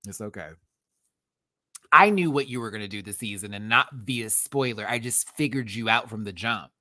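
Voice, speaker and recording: A man's voice: fairly low pitch, expressive, normal speed, pushed and bright, no room sound, clean studio sound. A man reviewing a drag competition show in a livestream, sassy and campy, full of slang and frequent laughter, talking straight to viewers. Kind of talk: casual livestream commentary.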